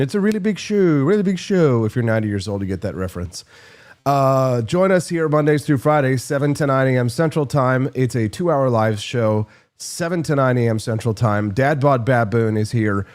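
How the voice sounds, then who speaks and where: A man hosting a live political talk show, joking and sarcastic with quick asides. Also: mid-range voice, darkish tone. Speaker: host.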